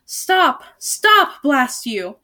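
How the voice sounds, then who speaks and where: A blustering one-eyed duke from a read-aloud storybook, as a woman puts him on, roaring and shouting at everyone in his way. The voice sits high and loud. He is furious and bullying. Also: animated, normal speed.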